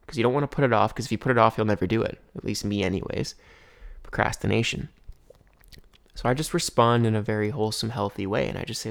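A man's voice: medium pitch, brisk, gravelly. A young man telling a rambling story to his viewers, casual and full of fillers. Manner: rambling, filler-heavy, keeps saying "anyways". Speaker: vlogger.

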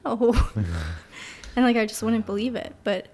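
A woman speaking softly and hesitantly, trailing off as she tells of personal dreams. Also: mid-range voice, huge pitch swings, unhurried. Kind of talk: casual podcast chat.

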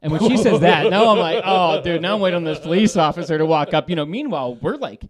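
A man calling in to a talk show, telling a story in a lively, laughing way, swearing and restarting his sentences. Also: fairly high pitch, fast, crowd noise. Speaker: caller. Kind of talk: casual storytelling.

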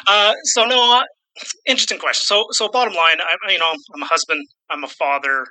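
This Canadian man in his fifties, from Saskatchewan, talks as an interview guest about real estate investing, meandering, joking at his own expense, and repeating words. He speaks fast and animated in a fairly high, pushed, bright voice. The recording is low quality.

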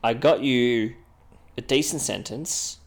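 A man acting as an earnest young politician, slow and pleading, asking questions in plain disbelief. His voice stays at a middling pitch in his own everyday tone.

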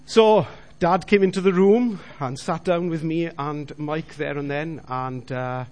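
A man's voice: a little high, measured pace, a little mellow. A middle-aged man giving a personal faith testimony, telling his story earnestly and appealing directly to his listeners. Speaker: Christian businessman giving testimony.

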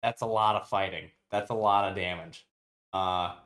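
A man's voice: low-pitched, steady tone, moderate pace, a bit bright. A man chatting casually on a podcast, retelling book scenes in a loose, slangy way and briefly voicing the characters' lines. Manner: loose, slangy, with many fillers and restarts. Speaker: podcast co-host. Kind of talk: casual book recap chat.

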